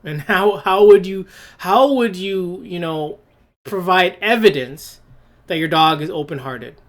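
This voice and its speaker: A podcast host delivers a solo opinion monologue, blunt and scornful, throwing out rhetorical questions and restarting phrases mid-thought. His voice is high and his pace unhurried.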